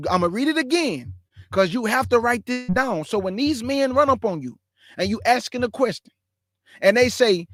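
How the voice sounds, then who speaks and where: A man preaching Bible commentary, emphatic and firing rhetorical questions, reading scripture aloud slowly and deliberately. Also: very high-pitched, a bit bright, no echo, studio quality. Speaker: online Bible teacher.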